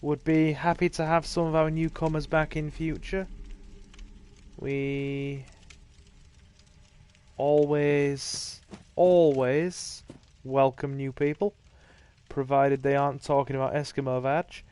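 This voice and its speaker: A man's voice: mid-range voice, level tone, unhurried, a little mellow, clear, resonant tone. A man, casually commentating a livestreamed game with dry, self-deprecating remarks to his chat, dry-mouthed from thirst. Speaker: gaming streamer.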